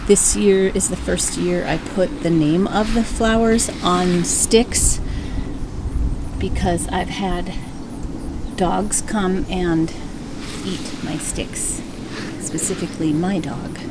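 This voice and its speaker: A woman's voice: fairly low pitch, steady tone, takes it slowly. A woman from Minnesota talking through a casual tour of her home garden, chatty and fond of her plants. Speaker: vlogger giving a garden tour. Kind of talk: casual walking commentary. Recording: loud outdoor background noise.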